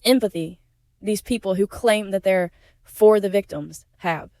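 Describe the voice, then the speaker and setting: Indignant and blunt, a female YouTube commentary creator airs her opinions and talks frankly about being a victim herself, swearing when she gets upset. Her pitch is fairly low and her tone darkish, captured in a dry recording. Emotion runs high, sometimes bringing her near tears.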